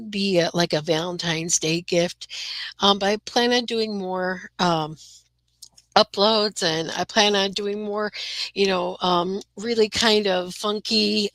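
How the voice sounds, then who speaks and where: A woman's voice: medium pitch, a bit bright, no room sound, poor audio. A woman hosting a casual live chat from her room, greeting viewers by name with a chatty, rambling manner. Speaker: livestream host.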